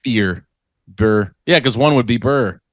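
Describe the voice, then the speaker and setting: A man's voice: fairly high pitch, moderate pace, dry recording. A young man co-hosting a comedy podcast, telling exaggerated stories in casual chat. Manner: animated, exaggerated storytelling. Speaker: podcast co-host.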